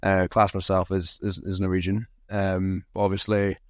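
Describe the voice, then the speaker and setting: A Scottish man with a deep-leaning, clean, resonant voice recounts his background in a relaxed, self-deprecating way. The sound is dry and close, with no room echo. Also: moderate pace. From Aberdeen, Scotland. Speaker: podcast guest, rugby team captain. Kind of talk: casual interview storytelling.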